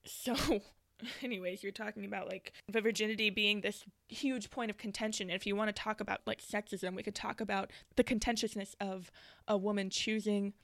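A woman co-hosting a podcast, telling stories in a lively, casual way, often laughing between phrases. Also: mid-range voice, fairly quick, vocal fry, dry recording. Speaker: podcast co-host. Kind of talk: casual faith chat.

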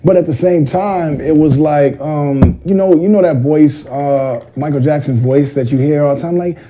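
Dark-voiced man telling a rambling story. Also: on the high side, moderate pace, slight background noise, low-quality recording. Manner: rambling, lots of fillers, mimics voices. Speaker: rapper telling a story in an interview. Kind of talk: casual storytelling.

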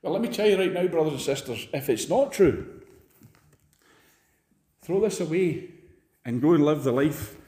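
A man's voice: lively intonation, moderate pace, long pauses, warm tone, roomy sound. A man preaching a sermon in a church, emphatic and rousing. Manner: emphatic, rousing, jumps high for stress.

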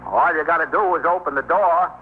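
An actor playing a police sergeant who calmly gives orders and coaxes an armed man to open the door, in 1950s radio drama style. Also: fairly high pitch, brisk, close to an everyday voice. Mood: coaxing. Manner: calm, firm, coaxing. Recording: tinny old radio broadcast with faint hiss.

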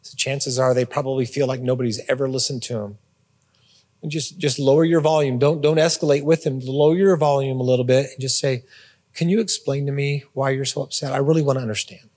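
Husky-voiced man preaching in a reverberant hall. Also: mid-range voice, steady tone, fairly quick, a little mellow. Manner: conversational, repeats words, informal asides. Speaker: pastor. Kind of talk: sermon. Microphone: phone or portable device.

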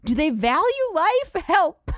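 A woman's voice: high-pitched, very animated, slow, no echo. Profane, sarcastic woman podcast host ranting. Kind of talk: comedic rant.

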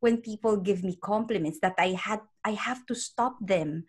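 Woman, middle-aged, psychologist guest, earnest explanation, mid-pitched voice, casual interview talk. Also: moderate pace, breathy edge. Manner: earnest and explanatory, with frequent restarts and "you know".

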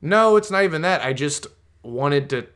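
Podcast co-host, male, fairly high voice, loose rambling chat, cuts himself off and restarts a lot. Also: animated, moderate pace, fairly bright tone, clean tone. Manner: rambling, self-interrupting, swears casually. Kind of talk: casual chat.

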